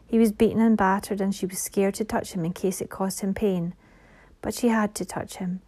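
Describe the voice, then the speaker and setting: A woman narrating a fantasy audiobook in a soft, measured reading voice that drops to a whisper at times. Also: mid-range voice, steady tone, slightly rough.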